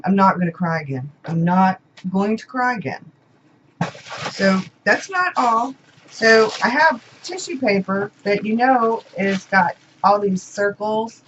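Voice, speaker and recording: A woman's voice: medium pitch, slight background noise. Woman vlogger, heartfelt and gushing, repeats words, slightly muffled home recording. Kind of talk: casual unboxing chat. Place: home room.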